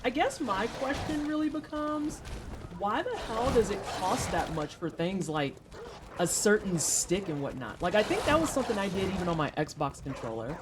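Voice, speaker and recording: Sarcastic, lively woman streamer. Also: medium pitch, moderate pace, noisy background. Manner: sarcastic, chatty, laughs often. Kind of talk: live-stream gameplay commentary, reading chat.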